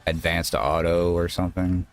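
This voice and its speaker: A man's voice: deep voice, little pitch movement, moderate pace. A male streamer telling a rambling, casual story while playing a game, quoting people and swearing now and then.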